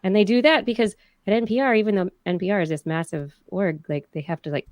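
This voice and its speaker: A woman's voice: mid-range voice, fast, a little mellow. A woman co-hosting a science podcast from home in casual chat, chatty and full of fillers. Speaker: podcast co-host.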